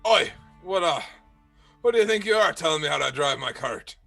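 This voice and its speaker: A brash young dwarf snapping back in a raised, pitched-up voice, put on by a man running a tabletop game. He sounds cocky and gruff, a little off-mic. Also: expressive, fairly quick, a bit bright, soft background music, heavily acted. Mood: indignant. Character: young overconfident male dwarf carter.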